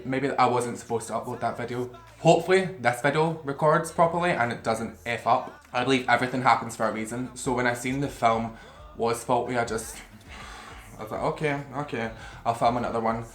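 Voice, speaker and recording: Chatting casually on camera while he eats at home, a man rambles and swears without restraint. The camera faces him, and his mid-range, slightly bright voice carries a reverberant sound.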